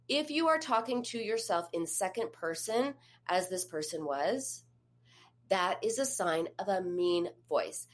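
A woman's voice: fairly low pitch, animated, measured pace. A woman therapist and coach giving an advice talk, speaking conversationally and putting questions straight to the listener. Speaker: eating disorder therapist and coach.

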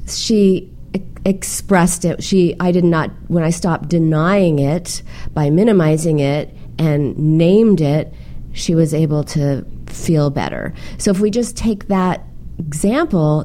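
A woman hosting a call-in advice radio show, telling stories in a warm, validating way. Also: fairly low pitch.

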